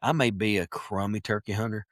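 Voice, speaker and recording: Podcast guest, adult man, low voice, lively storyteller who clears his throat, dry close sound. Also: fairly quick, dry recording. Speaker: podcast guest, wildlife biologist. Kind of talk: casual storytelling.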